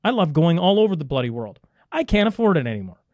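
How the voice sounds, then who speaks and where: Emphatic man, higher-pitched voice. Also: sing-song, fast, a little mellow, no echo, studio quality. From Canada. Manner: emphatic, ranting, answers his own rhetorical questions. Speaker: podcast guest. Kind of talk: casual conversational interview.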